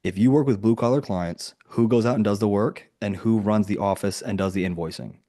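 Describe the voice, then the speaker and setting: A man's voice: on the low side, fairly quick, warm tone. A man coaching a group video call, talking casually with lots of "like" and acted-out quotes. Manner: casual and conversational, full of "like" and quoted dialogue.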